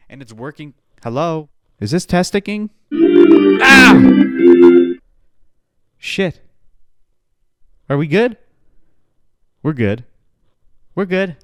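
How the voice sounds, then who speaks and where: A man hosting his own podcast alone, rambling in a profane pep-talk style with sudden loud outbursts. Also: on the high side, dry recording. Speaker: podcast host. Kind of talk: casual solo podcast chat.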